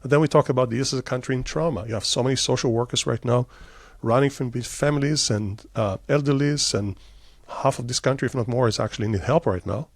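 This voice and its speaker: A middle-aged Israeli startup CEO answers interview questions with lively stories, talking in quick bursts with lots of fillers. His voice is mid-range, and the clean studio recording has no echo.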